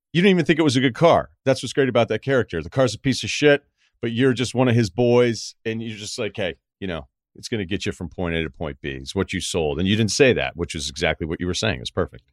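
A middle-aged man from Massachusetts hosting a podcast, talking casually and profanely, with quick asides. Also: on the low side, no room sound, clean studio sound. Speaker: podcast host. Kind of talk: casual interview and sports talk.

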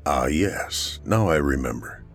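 Brief: a man playing a guarded art thief, very deep, cool and mocking. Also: soft background music, heavily acted. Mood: polite. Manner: calm, measured and mocking.

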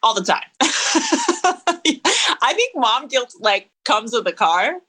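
A woman in her thirties, a podcast guest, talking in an earnest, reflective way with lively bursts. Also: on the high side, normal speed, poor audio. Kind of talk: casual interview conversation.

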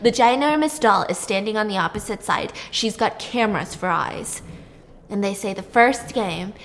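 A woman chatting casually as she retells a story, animated and chatty, often saying "like". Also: medium pitch, normal speed, vocal fry, in a large hall. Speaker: podcast co-host recapping a show. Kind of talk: casual chat, retelling a plot.

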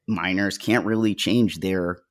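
A trans podcast co-host talking casually, hesitant and stammery with lots of fillers. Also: male voice, low-pitched, fairly even intonation, a little slow. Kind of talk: casual chat and monologue.

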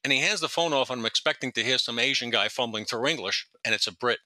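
A man telling stories in a very bright, tense voice, and the sound is close and dry. He rambles, restarts sentences and doubles back in time as he talks. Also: mid-range voice, fast talker, no room sound. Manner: rambling, self-correcting, jumps around in time. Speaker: podcast guest, retired police detective. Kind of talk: storytelling in a casual interview.

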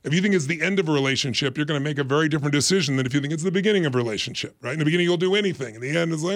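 A middle-aged life strategist, a guest on a podcast, explains ideas emphatically in a motivational interview and acts out little quoted voices. His voice is a little high and fairly bright, he talks very fast, and the recording is dry.

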